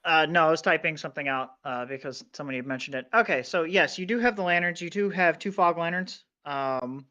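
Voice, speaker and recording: A man game master explaining rules in a relaxed, filler-heavy way. His voice is fairly high, bright and crisp. It comes through dull, lo-fi voice-chat audio. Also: brisk, hardly any pauses. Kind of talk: running a tabletop game.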